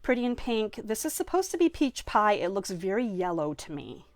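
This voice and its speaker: A woman's voice: medium pitch, big pitch swings, moderate pace, no echo. A woman with a Maine accent teaching a live online card-making class from her home craft room, chatty and enthusiastic, greeting viewers by name.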